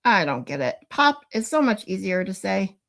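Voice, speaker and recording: A woman's voice: medium pitch, very animated, normal speed, vocal fry, fairly bright tone. A woman, chatting casually as a streamer and laughing easily between clips. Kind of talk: casual chat.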